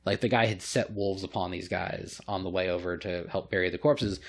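A man's voice: low-pitched, brisk. A man co-hosting a casual podcast, telling a long story with lots of swearing and mimicked voices. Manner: profane, animated retelling with mimicked voices. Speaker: podcast co-host.

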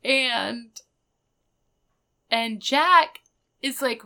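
A woman's voice: medium pitch, slow pace, pushed and bright, clear, resonant tone. A woman co-hosting a casual podcast, recapping a sitcom episode and acting out the characters' lines as she goes. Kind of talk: casual chat.

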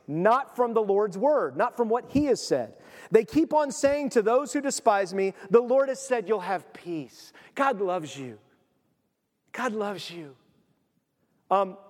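High-voiced pastor preaching in a hall. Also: male voice. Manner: emphatic, swings from quiet to loud. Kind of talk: sermon.

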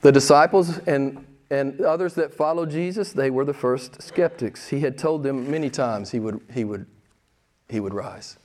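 A man preaching a sermon as pastor, emphatic and pressing questions on his listeners, with sudden excited rises. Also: mid-range voice, moderate pace. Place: church.

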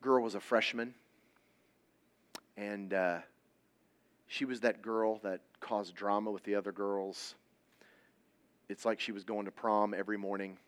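A man preaching a sermon at youth services, telling personal stories bluntly and with jokes, his volume swinging between loud and hushed. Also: on the low side, steady tone, a little slow, pauses often, clean tone. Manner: blunt, joking storytelling.

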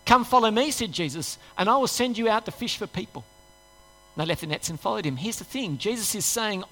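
Male pastor, high bright voice, conversational sermon in a reverberant hall. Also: animated, fairly quick. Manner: conversational, acts out inner voices, rhetorical questions.

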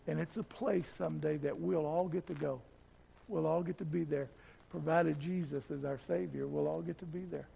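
A middle-aged man preaching a sermon as pastor, telling a personal story, often repeating words and growing soft and slow at tender moments. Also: on the high side, fairly even intonation, slight background noise. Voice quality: gravelly. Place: church.

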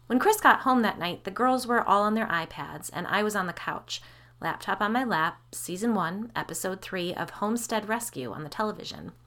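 A woman's voice: mid-range voice, lively intonation, normal speed, a bit bright. A woman narrating her spooky story podcast in a wry, candid way. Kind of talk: scripted narration.

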